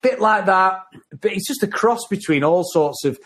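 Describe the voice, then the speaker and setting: A man with a fairly high voice chats about a film in a loose, excitable way. He rambles from point to point and laughs easily. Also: moderate pace. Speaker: podcast co-host. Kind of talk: casual film review chat.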